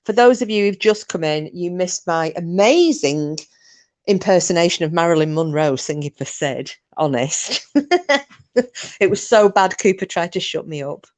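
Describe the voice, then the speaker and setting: A woman's voice: lowish voice, moderate pace, a little mellow. A woman hosting a casual livestream, chatty and giggly, greeting viewers and reading their chat messages aloud with self-mocking humour. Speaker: livestream host.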